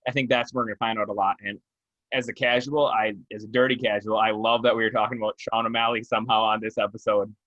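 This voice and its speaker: Male podcast co-host, crisp bright tone, playful and jokey. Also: on the low side, flat delivery, fast, muffled recording. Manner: joking, playful, laughs at his own jokes. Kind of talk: casual chat about MMA.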